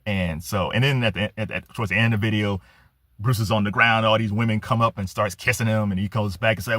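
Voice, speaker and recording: A man giving excitable reaction commentary on a concert, laughing often and rising to near-shouts. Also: on the low side, fairly quick, no room sound, studio quality. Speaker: music commentator.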